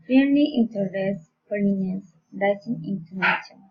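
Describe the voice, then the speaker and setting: A woman slowly reading intonation practice sentences aloud, one by one, with their labels. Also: slightly rough. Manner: slow, careful reading of drill sentences with labels. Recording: muffled low-fidelity recording.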